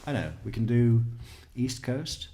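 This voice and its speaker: A man's voice: medium pitch, lively intonation, unhurried, warm tone. A man hosting a casual true crime livestream, rambling and chatting with viewers, swearing often and laughing at himself.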